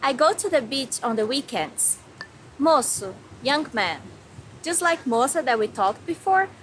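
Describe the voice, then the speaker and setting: A young woman from Brazil teaching a vocabulary lesson, saying each word slowly before giving its meaning. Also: fairly high pitch, a bit bright, slight background noise, low-quality recording. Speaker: language teacher.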